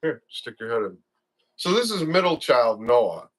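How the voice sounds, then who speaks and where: Man, bright voice, lively storyteller, casual fishing chat. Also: mid-range voice, moderate pace. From Wisconsin. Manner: excitable storyteller, acts out his own reactions. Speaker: guest, father of a young angler.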